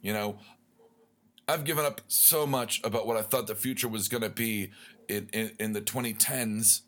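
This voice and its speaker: A man's voice: on the low side, fairly even intonation, moderate pace, a bit bright. A man hosting a podcast, ranting in a worked-up, profane, rambling way. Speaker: podcast host. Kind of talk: comedic rant.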